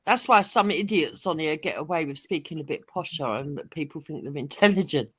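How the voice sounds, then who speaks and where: A woman's voice: deep voice, lively intonation, a little fast, fairly bright tone, slightly rough. A woman who laughs easily and speaks her mind frankly, chatting as a guest on an online panel. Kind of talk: casual online panel chat.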